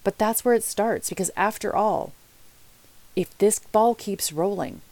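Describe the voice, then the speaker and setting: A woman's voice: mid-range voice, unhurried, darkish tone, no echo. A woman life coach giving motivational podcast talk, chatty and candid, speaking straight to her listeners.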